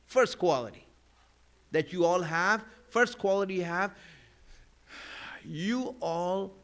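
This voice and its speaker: A man with a somewhat raised pitch gives a sermon in a relaxed, conversational manner. He leans on "you know" fillers and drives home key points by repeating them. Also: moderate pace. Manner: emphatic repetition of key lines. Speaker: preacher.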